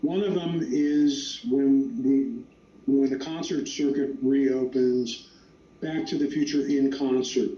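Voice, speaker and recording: A screenwriter, the guest writer on a panel, answers audience questions and tells stories with emphasis. His voice is mid-range, slow and mellow, with fairly even intonation. The recording sounds echoey, distant and lo-fi.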